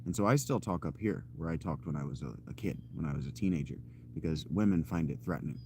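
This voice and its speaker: A man in his thirties chatting casually with his stream while walking outdoors, rambling with fillers and self-corrections in a loud, projecting voice. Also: rumbling low, lively intonation, fast talker, a little hiss or hum. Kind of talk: casual live-stream chat. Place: outdoors, walking through a parking lot.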